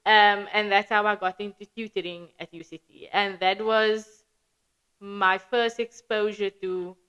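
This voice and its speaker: A South African woman with a flat local accent, a podcast guest chatting casually and acting out her own past thoughts in quick quoted asides. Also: medium pitch, clear, resonant tone, muffled recording. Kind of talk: casual conversational storytelling.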